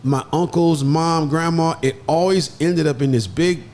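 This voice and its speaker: A man telling a story in an animated way, with lively jumps in pitch as he acts out other people's voices. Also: measured pace. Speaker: podcast guest.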